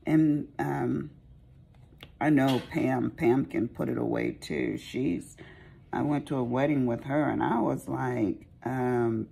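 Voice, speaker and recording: A woman with a very low, gravelly and husky voice chats while she crafts. She rambles and pokes fun at herself in a slow, unhurried way, and her pitch rises and falls a lot. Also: lively intonation, dark tone. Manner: rambling, chatty, self-mocking. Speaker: craft vlogger. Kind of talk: casual chat while crafting.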